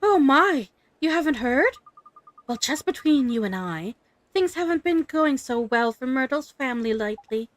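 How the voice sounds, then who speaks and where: A woman's voice: sits high, expressive, normal speed, dry recording. A woman voicing a chatty, sympathetic old woman neighbor, reading game dialogue aloud in a fussy, gossipy way.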